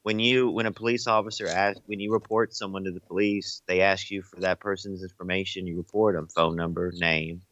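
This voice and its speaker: A man's voice: deep voice, fairly even intonation, brisk, hardly any pauses, a bit bright, dry recording, lo-fi sound. A man co-hosting a casual talk show, pushing his point and often asking "you know what I'm saying". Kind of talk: casual chat.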